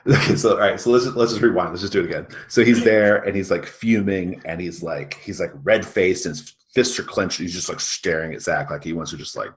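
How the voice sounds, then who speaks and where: A man with a very low voice narrates as game master. He talks in a loose, chatty way, full of fillers. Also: a little fast, few pauses.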